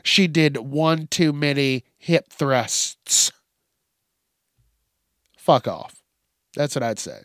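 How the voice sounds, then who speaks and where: Male comedy news host, profane, mocking, slow delivery, dry close sound. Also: fairly high pitch, a bit bright, dry recording. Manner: profane, mocking, laughs often.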